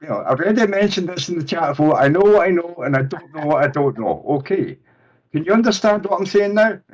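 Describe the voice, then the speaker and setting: A man's voice: a little high, lively intonation, fast, darkish tone. A man in his sixties chatting on a group call, rambling and often repeating filler phrases. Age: 60s. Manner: rambling, repeats "you know what I mean". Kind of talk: casual group call chat.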